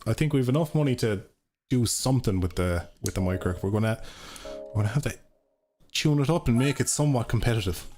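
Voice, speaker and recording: An easygoing young man with an Irish accent talks loosely and curses often while he drives in a racing game. His voice sits in a middle range. Game music and engine noise run clearly underneath the whole stream. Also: mid-range voice, expressive, fairly quick, darkish tone. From Ireland. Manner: chatty, sweary, addresses viewers as lads. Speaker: gaming streamer. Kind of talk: casual live-stream commentary while playing. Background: racing game music and car engines.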